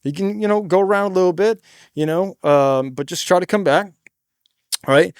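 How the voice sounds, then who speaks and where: A young man who sings in a band gives a casual, energetic lesson on stage moves, swearing freely and often tagging "right?" and "dude". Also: high voice, normal speed, smooth, no echo, clean studio sound. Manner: energetic, demonstrates moves, bursts into shouted song lines. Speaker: singer giving stage tips.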